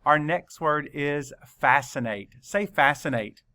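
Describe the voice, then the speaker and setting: A man leads a children's spelling lesson at an unhurried pace, sounding out each letter carefully. His voice is bright and forward, with a measured, patient delivery. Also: fairly high pitch. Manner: slow, deliberate letter-by-letter dictation. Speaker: teacher.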